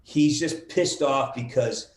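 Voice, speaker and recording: A middle-aged man being interviewed over a video call, telling lively stories and acting out the quotes, with some swearing. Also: mid-range voice, slow. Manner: animated storyteller, acts out quotes with swearing. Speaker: voice actor guest. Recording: roomy video call audio.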